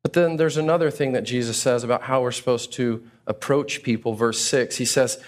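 A pastor preaching a sermon to a congregation, telling stories with acted-out exclamations. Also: male voice, mid-range voice, brisk, few pauses. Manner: animated storytelling with acted-out exclamations.

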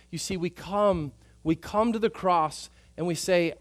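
Male pastor, high voice, emphatic sermon delivery that drops to quiet passages. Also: unhurried, few pauses, dry recording. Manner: emphatic, swings between loud urgent passages and quiet soft ones.

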